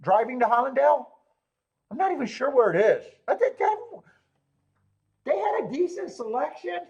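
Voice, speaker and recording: Husky, lively man chatting on a stream. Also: extremely high pitch, moderate pace, muffled recording. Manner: rambling, joking, greets chat viewers. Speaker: horse racing stream host. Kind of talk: casual live-stream chat.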